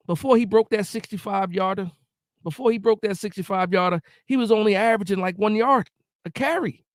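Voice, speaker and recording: A man's voice: high-pitched, no echo, clean studio sound. A man hosting a live post-game reaction stream, ranting emotionally and repeating himself while following the chat. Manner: reads and answers live chat.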